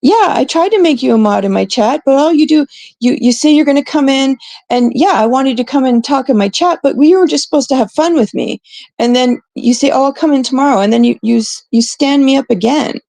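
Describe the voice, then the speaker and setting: A woman's voice: high-pitched, expressive, a little fast, creaky, warm tone, dry recording. A blunt woman from Canada, talking casually to her live-stream chat in an exasperated way, swearing freely and quoting people mockingly. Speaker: livestream host.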